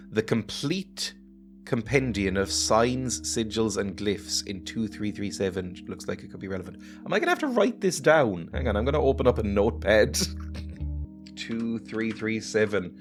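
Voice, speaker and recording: Jokey low-voiced gamer man. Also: lively intonation, moderate pace. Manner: chatty, jokey, laughs often. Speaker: let's play gamer. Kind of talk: casual game commentary. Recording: music playing behind.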